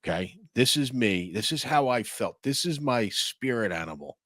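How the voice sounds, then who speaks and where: Bright-voiced, profane middle-aged man. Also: medium pitch, lively intonation, normal speed, dry recording, clean studio sound. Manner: blunt and profane, laughs at his own stories. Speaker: podcast co-host. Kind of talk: casual chat.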